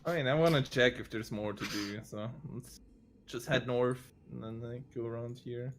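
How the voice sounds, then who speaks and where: A man's voice: mid-range voice, fairly even intonation, moderate pace. Male player, medium voice, jokey, light noise floor. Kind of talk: casual chat at a tabletop game.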